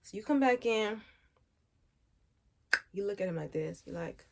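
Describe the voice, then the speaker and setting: A woman's voice: medium pitch, expressive, a little slow, gravelly, very noisy. A woman in her twenties giving frank, slangy advice in a casual vlog chat, often laughing at her own jokes. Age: 20s. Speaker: vlogger.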